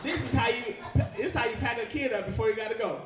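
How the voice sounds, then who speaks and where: Young male stand-up, very high voice, crowd-baiting, roomy distant club sound. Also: fast, heavy background noise. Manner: profane, rambling, crowd-baiting. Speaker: stand-up comedian. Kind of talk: live stand-up comedy. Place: comedy club stage. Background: audience laughter.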